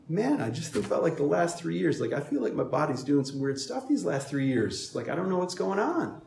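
A man preaching a sermon as pastor, emphatic and animated, with playful asides to the congregation. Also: fairly high pitch, fairly quick, creaky, hardly any pauses, echoey room.

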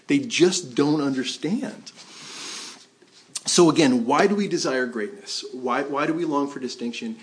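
A man preaching a sermon to a church congregation. He talks in a conversational way, with fillers and restarts, and acts out the quotes he tells. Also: medium pitch. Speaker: pastor.

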